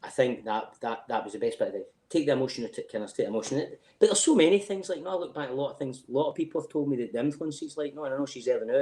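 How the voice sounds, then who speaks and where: A man's voice: mid-range voice, mellow, echoey room, low-quality recording. A middle-aged Scottish man telling rambling, sweary stories as a podcast guest, often asking "do you know what I mean". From Scotland. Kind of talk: casual chat.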